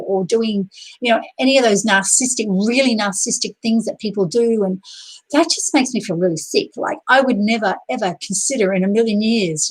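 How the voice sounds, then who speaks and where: A woman's voice: mid-range voice, rough recording. An Australian woman chatting on a live video, rambling with many fillers and restarts and greeting viewers by name. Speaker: YouTuber hosting a live video. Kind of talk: casual live-stream chat.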